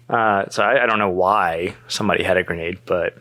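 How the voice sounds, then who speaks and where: A man in his thirties telling a story in casual chat, animated, cursing freely and acting out both sides of the conversation. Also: low-pitched, fairly quick, few pauses, dry recording. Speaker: podcast guest.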